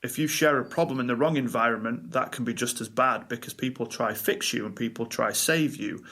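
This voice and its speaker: A man speaking as a life coach guest on a podcast interview, telling stories in a lively, direct way. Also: medium pitch. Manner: animated storytelling, quick asides and laughs.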